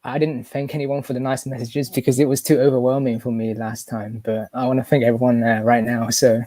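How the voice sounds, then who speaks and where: A man calling in to a fan show, emotional and halting, with many restarts. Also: medium pitch, level tone, mellow, no room sound. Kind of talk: casual live chat.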